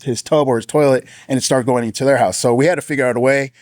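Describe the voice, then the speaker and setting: A man's voice: fairly even intonation, fast talker, a little mellow, no room sound. Man telling a personal story. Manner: earnest, casual storytelling with many restarts; acts out quoted voices with raised pitch. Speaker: former sheriff's deputy sharing testimony.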